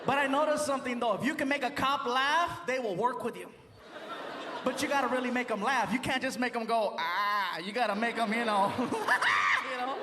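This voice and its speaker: A man doing stand-up comedy, telling a story with animated delivery and acted-out voices. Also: very high voice, brisk, background noise.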